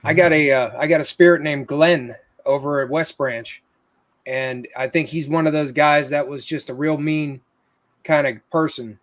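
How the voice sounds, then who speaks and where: A man's voice: fairly high pitch, steady tone, moderate pace. A man in casual conversation, earnestly telling stories from his ghost investigations. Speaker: paranormal investigator. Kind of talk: casual chat.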